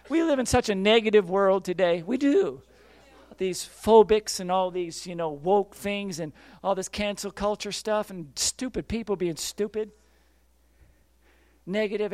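A man with a high voice preaches a fervent sermon, swinging from quiet musings to shouted praise and acting out the voices he quotes. The recording has no echo.

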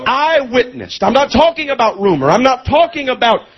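A man preaching a fiery sermon, passionate and deliberate, at times slowing to hammer a point and at times shouting. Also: very high voice, animated, husky. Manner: impassioned, shifts between deliberate slow emphasis and shouting. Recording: dull lo-fi sermon tape.

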